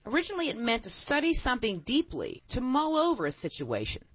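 Playful female yarn-spinner, lively and bright-pitched. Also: fairly quick, no echo. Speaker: storyteller and co-host. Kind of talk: folksy tall-tale storytelling. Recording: dull lo-fi recording, dry.

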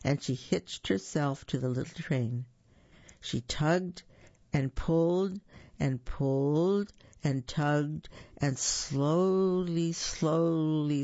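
Gravelly voice reading a picture book. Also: mid-range voice, extremely slow, a little mellow, dry recording. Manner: describes the pictures and stumbles over words. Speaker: storyteller. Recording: dull, slightly lo-fi recording.

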